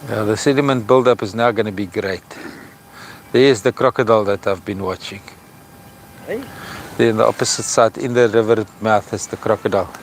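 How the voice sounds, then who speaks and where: A South African man vlogging outdoors at an estuary, speaking earnestly and with feeling, slowing down to stress his points. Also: fairly low pitch, steady tone, slight background noise. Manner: earnest, impassioned, slow when stressing points. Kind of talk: outdoor vlog commentary.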